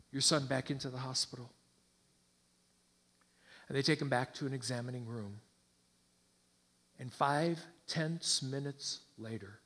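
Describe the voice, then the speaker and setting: A man preaching, telling a dramatic story in slow, hushed, intense phrases. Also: medium pitch, long reverb tail. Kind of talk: sermon storytelling.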